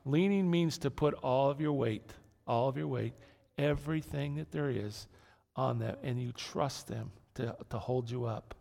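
A man's voice: medium pitch, a little slow, gravelly, warm tone. A man preaching a conversational sermon to his congregation, repeating key words and restarting phrases as he goes. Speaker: pastor. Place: church sanctuary. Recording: long hall reverb.

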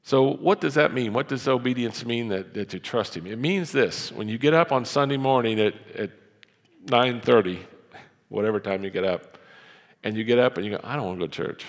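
A man's voice: lowish voice, moderate pace, long reverb tail. A man preaching a sermon, talking conversationally and acting out the voices of the people in the story. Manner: animated, acts out Bible voices, conversational. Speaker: pastor. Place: church.

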